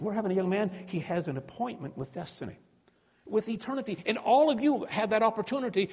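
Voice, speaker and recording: Husky preacher in a reverberant hall. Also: male voice, sits high. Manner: storytelling, asks the listeners questions; reads scripture aloud, drops to a hush for prayer. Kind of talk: sermon.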